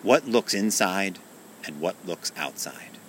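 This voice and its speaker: Man voicing a soft-spoken magical rooster. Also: deep voice, expressive, slow pace, breathy edge, full character voice. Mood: mysterious. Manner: soft, hushed and questioning. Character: gentle, riddling magical male rooster.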